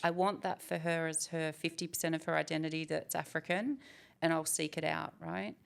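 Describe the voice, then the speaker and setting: A woman's voice: sits low, fairly even intonation, fairly quick, creaky, clean tone. A woman in her forties, a guest speaking candidly and reflectively in a conversational interview. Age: 40s. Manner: reflective, candid, with frequent fillers.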